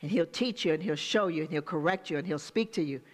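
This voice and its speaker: A woman's voice: deep voice, fast talker, big-room sound. An older woman pastor preaching a sermon, speaking straight to the congregation with call-and-response asides.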